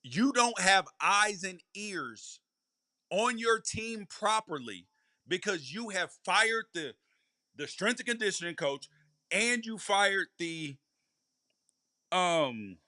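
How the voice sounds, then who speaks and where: A man hosting a live sports podcast, delivering emphatic commentary and circling back to stress each point. His voice sits high and rings bright and forceful. The sound is dry and close. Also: lively intonation, slow, no echo. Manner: emphatic, repeats key points. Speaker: podcast host; former college football player. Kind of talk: live college football commentary.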